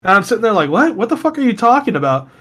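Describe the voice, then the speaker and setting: This young man has a high voice for a guy. He tells rough, profane stories in a casual podcast chat, and his voice leaps up whenever he acts out what someone said. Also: rapid-fire. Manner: profane, animated storytelling that jumps high when quoting. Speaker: podcast co-host.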